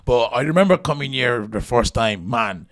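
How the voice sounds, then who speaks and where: Here is an animated young man from Nigeria, a podcast guest who tells stories with laughter and acts out the voices in them. His pitch sits in the middle range for a man. He talks in relaxed, casual chat. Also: moderate pace. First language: not English.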